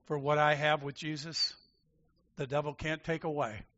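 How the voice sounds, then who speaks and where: Preacher, male, bright and forceful, slightly higher voice, dull lo-fi recording. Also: normal speed. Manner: emphatic and animated, swinging from loud declarations to quiet asides. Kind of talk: sermon. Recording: dull lo-fi sound.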